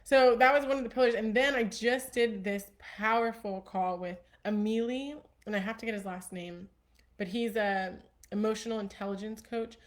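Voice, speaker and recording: A woman's voice: on the high side, steady tone, normal speed. A young woman talks straight to her viewers in a casual, heartfelt way. She sounds earnest and upbeat, and she fills her sentences with likes and ums as she gets to her point. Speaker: host. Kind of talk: casual spiritual talk to viewers.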